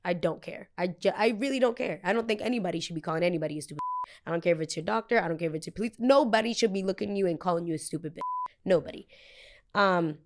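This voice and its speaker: A woman's voice: lowish voice, fast. A young woman in her twenties hosting a podcast, telling a heated story in a casual, profane way and acting out the people she quotes. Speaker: podcast host.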